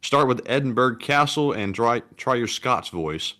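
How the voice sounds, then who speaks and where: A man's voice: medium pitch, expressive, unhurried, bright, forceful tone. A man co-hosting a livestream, talking casually in a dry, matter-of-fact way. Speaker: co-host reading viewer messages.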